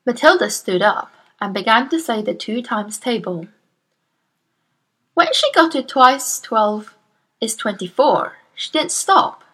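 A woman reading a children's novel aloud in a slow, careful storytelling manner. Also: a little high, big pitch swings, fairly bright tone, husky. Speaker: storybook reader.

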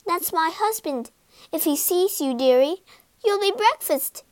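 A woman's voice: very high voice, animated, unhurried, no echo, pitched above the performer's own voice. A woman voicing a kindly fussing giantess. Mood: alarmed. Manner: fussing, calling people dear.

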